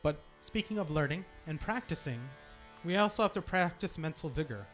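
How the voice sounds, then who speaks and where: A young man with a fairly high, bright, lively voice speaks briskly in a temple hall, with faint music in the background. As the temple's singing leader, he teaches the congregation to practice long sung notes, demonstrating and encouraging them along the way.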